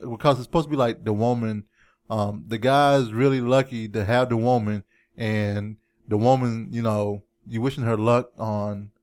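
A man's voice: mid-range voice, fairly even intonation, moderate pace, darkish tone. A man co-hosting a podcast in casual chat, playful and teasing, with a mid-range voice. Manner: playful, teasing, repeats jokes. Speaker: podcast co-host.

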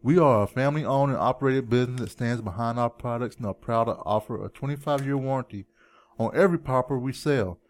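A man's voice: mid-range voice, a little fast. A man co-hosting a podcast in casual chat, playful and teasing, with a mid-range voice. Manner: playful, teasing, repeats jokes. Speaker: podcast co-host.

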